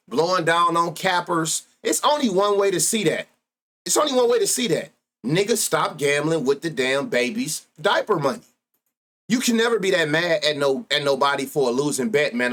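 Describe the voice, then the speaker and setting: Thirties man, African American Vernacular English accent, rowdy profane betting stream host, slightly high voice. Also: fairly bright tone. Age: 30s. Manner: loose, laughing, rowdy, crude slang. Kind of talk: casual profane live-stream banter.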